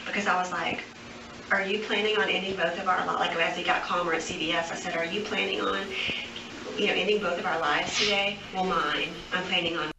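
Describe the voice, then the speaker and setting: A woman giving a recorded statement to police, rambling on without pause and full of fillers. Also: lowish voice, steady tone. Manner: rambling nonstop, many fillers. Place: police interview room. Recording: echoey, distant, noisy interview room recording.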